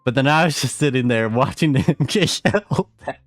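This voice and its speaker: A man's voice: medium pitch, lively intonation, moderate pace, dry recording, soft background music. A young man chatting casually on a live stream, rambling through stories and laughing often.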